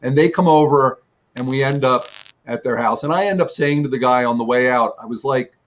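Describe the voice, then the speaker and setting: A man's voice: medium pitch, a little fast, highs cut off, slight background noise. A man telling a long personal testimony about his travels, rambling with restarts and fillers. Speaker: ministry teacher. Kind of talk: storytelling testimony.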